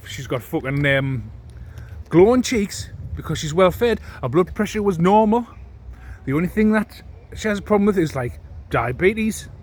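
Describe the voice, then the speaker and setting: A man, ranting into his phone with heavy swearing and indignant repetition. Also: on the high side. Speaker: vlogger. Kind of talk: ranting monologue to camera.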